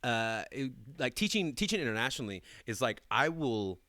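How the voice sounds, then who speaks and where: A young man co-hosting a casual podcast chat about teaching dance, animated and swearing freely. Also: mid-range voice, normal speed, no room sound. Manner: animated, swearing, breaks into voices.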